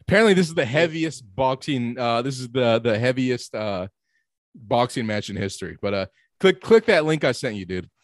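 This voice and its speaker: A man's voice: mid-range voice, expressive, normal speed, no room sound. Rambling, swearing man in a dry room. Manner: rambling, heavy swearing, lots of filler words. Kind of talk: casual chat.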